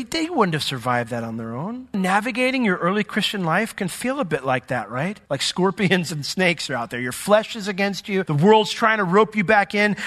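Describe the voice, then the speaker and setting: A man preaching a lively sermon in a church, mixing stories and humor into his teaching. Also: sits high. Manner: lively storytelling with humor and asides. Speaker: pastor. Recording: hall reverb from a church sanctuary.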